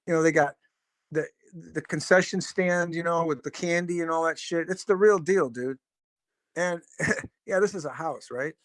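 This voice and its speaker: A man's voice: fairly high pitch, moderate pace, no echo, clean studio sound. A middle-aged man, a drummer guest on a podcast, telling a story in a rambling, casual way with lots of fillers and swearing.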